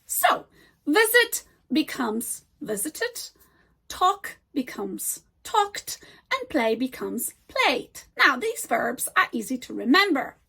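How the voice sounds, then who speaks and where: A high-pitched woman gives a scripted English grammar lesson. She slows right down to model each example word with care. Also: big pitch swings, gravelly, bright, forceful tone. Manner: slow, deliberate modeling of example words. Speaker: English teacher.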